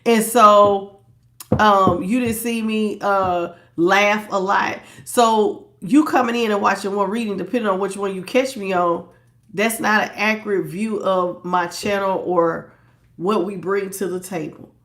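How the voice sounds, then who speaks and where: A woman's voice: mid-range voice, fairly even intonation, measured pace, fairly bright tone. A woman hosting a tarot live stream in casual chat, playful and laughing often, greeting viewers by name and calling them baby. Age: adult, past young. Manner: calls listeners "baby" and "child".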